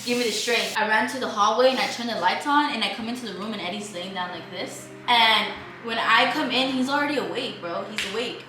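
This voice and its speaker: Young woman telling a story while cooking, bright voice, echoey kitchen, far from the mic, music under it. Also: on the high side, a little fast, few pauses, a little hiss or hum. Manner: animated, slangy, acts out her own past lines loudly. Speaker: vlogger. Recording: roomy echo, mic far off, music behind.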